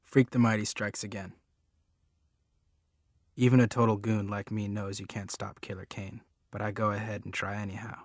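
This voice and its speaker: Man narrating a first-person novel, earnest, low and level. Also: flat delivery, moderate pace, dry recording, studio quality. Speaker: audiobook reader.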